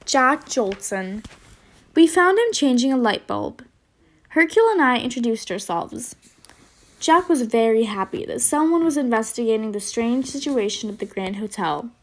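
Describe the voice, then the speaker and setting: A woman reading a children's storybook aloud in an expressive, lively way. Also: fairly high pitch, normal speed.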